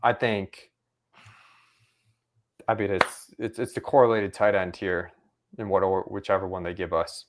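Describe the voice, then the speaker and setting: Lower-voiced co-host thinking aloud. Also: male voice, little pitch movement, unhurried, pauses often, noisy background. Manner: thinks aloud, restarts, talks himself into picks. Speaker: podcast co-host. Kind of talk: casual fantasy football draft chat.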